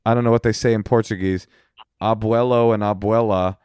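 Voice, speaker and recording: A man's voice: lowish voice, fairly quick, clear, resonant tone, dry recording. A man co-hosting an advice podcast, talking casually and animatedly, acting out family arguments as he goes. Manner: animated, acts out family quarrels in quoted voices. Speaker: co-host giving advice.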